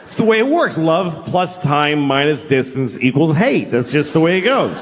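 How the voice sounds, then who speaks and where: A middle-aged man from New York doing a stand-up comedy set, telling stories with sudden high-pitched acted outbursts. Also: sing-song, moderate pace. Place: comedy stage before a laughing audience.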